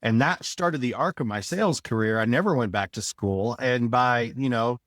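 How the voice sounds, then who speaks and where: A man's voice: mid-range voice, moderate pace, a bit bright, dry recording, studio quality. Blunt, emphatic man in his forties. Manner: blunt, emphatic, advice-giving. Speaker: podcast guest, sales veteran. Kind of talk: casual interview talk.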